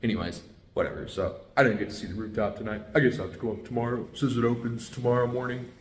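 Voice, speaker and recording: A man's voice: medium pitch, steady tone, fast talker, echoey room, big-room sound, a little hiss or hum. A man hosting his own channel as a compliance consultant, talking through headphones with a mic from a hotel in a rambling, blunt, easily sidetracked way. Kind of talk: casual vlog talk.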